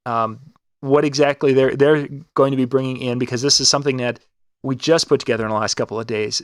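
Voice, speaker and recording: A man in the middle of his range chats on a live web show, rambling and restarting as he pitches a contest. His voice is close and dry, with no room around it. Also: no room sound. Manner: rambling, restarts and fillers, upbeat promo talk. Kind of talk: casual live-stream chat.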